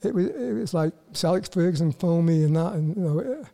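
A Welsh man in his sixties, a guest in a casual interview, talking haltingly with many repeated words and a self-deprecating manner. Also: high voice, lively intonation, creaky, warm tone. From Wales. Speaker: guest, former footballer.

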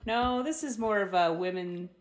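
A woman's voice: mid-range voice, lively intonation, moderate pace. A woman co-hosting a podcast, chatting casually and explaining things earnestly, laughing easily. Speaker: podcast co-host. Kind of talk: casual chat.

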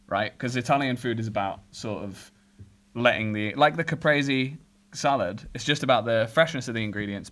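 A man's voice: medium pitch, fairly bright tone. A man from England in a casual comedic chat, making wry, jokey asides.

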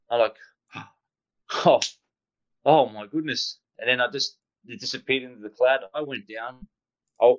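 A man tells his story in a casual, excitable rush, stumbling over restarts and throwing in little sound effects as he goes. His voice sits at an ordinary middle pitch. The recording sounds dull and lo-fi. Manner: animated, rambling, with sound effects. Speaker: guest pilot recounting a sighting.

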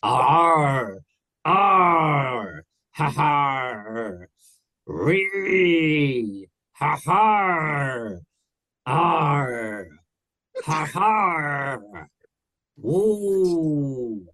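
A man voicing a rowdy male pirate crew, shouting whoops, barks and cries from a step back. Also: a little high, very animated, very slow, long pauses, no echo, studio quality, pitched above the performer's own voice, heavily acted. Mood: cheering.

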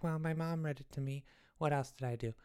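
An excitable, scatterbrained young boy, acted by a woman, who rambles and wanders off topic in comedic podcast banter. The voice sits a touch low, smooth and clear. He talks in bursts, restarting and piling on ideas. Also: fairly quick, natural voice. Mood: rambling. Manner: scatterbrained, rambling, easily sidetracked. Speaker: podcast co-host.

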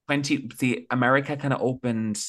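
A man's voice: mid-range voice, steady tone, a little fast, a crowd in the background. A man, a podcast guest in casual, enthusiastic chat about pop music. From Ireland. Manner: chatty, enthusiastic, lots of "like" fillers.

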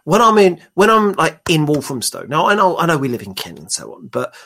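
London man with a lively, swooping voice. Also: on the high side, a little fast, creaky. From London, England. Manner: swears freely, muses aloud in long riffs. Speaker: podcast co-host. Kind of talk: casual chat.

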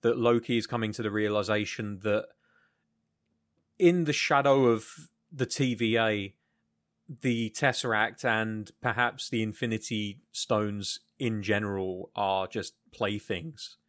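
A man co-hosting a podcast who talks in an animated, eager way and agrees readily in casual review chat. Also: fairly low pitch, unhurried. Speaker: podcast co-host.

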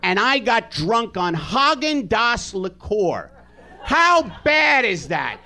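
Shouting, ranting New comedian man. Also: sits high, very animated, slow pace. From New York. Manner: loud, profane, exasperated ranting. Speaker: comedian guest. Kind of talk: stand-up rant. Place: live comedy theater stage.

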